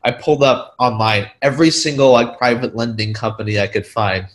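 A man's voice: mid-range voice, fairly quick. Rambling casual male storyteller. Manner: rambling, heavy on filler words, animated retellings. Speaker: real estate investor.

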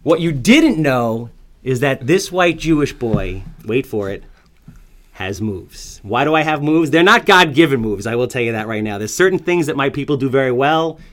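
A man's voice: medium pitch, animated, normal speed, a bit bright. A man hosting a podcast, joking and self-mocking as he talks, running through promos and a guest introduction. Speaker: podcast host. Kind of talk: casual podcast chat.

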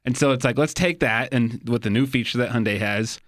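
A man's voice: mid-range voice, brisk, dry recording. A man with a mid-range voice chats casually and breaks into little acted-out quotes. The recording is dry and close. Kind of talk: casual chat.

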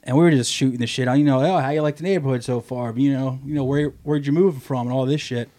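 A man on a casual podcast telling a story, swearing a lot and jumping into a high, goofy voice when he quotes people. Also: fairly even intonation, fast, warm tone. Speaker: podcast co-host. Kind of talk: casual chat.

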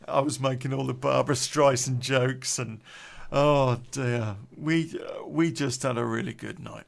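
A man's voice: mid-range voice, measured pace, gravelly. A man telling an unedited personal story on a podcast, blunt, sweary and rambling, drinking beer as he talks.

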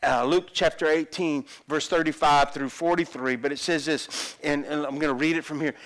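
A man's voice: fairly high pitch, steady tone, moderate pace, few pauses, fairly bright tone. A middle-aged man preaching a sermon as a pastor, acting out the voices of people in the Bible story.

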